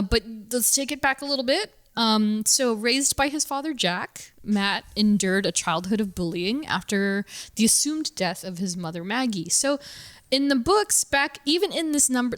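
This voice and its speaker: A woman's voice: on the high side, lively intonation, measured pace, fairly bright tone. A woman co-hosting a podcast in casual chat, rambling with fillers and laughing easily. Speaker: podcast co-host.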